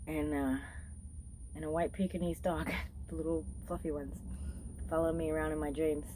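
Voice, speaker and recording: A woman's voice: deep voice, little pitch movement, moderate pace, background noise. A woman vlogger casually recounting a dream, rambling and swearing freely. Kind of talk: casual storytelling.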